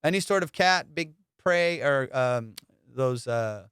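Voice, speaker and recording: A man hosting a casual comedy podcast, telling stories in an animated, profane way and laughing often. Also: mid-range voice, slow pace, clear, resonant tone, no room sound, studio quality.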